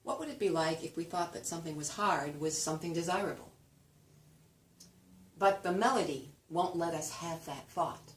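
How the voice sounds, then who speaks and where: A woman teaching a class, often acting out example phrases with exaggerated sing-song melodies. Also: normal speed. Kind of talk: lecture with spoken demonstrations. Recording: roomy echo, distant mic, faint rumble.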